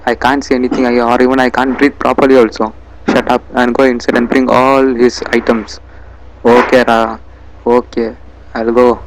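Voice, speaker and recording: A man's voice: medium pitch, slight background noise, low-quality recording. A man with an Indian English accent doing a comic dub of a video game, bickering and muttering to himself as he goes.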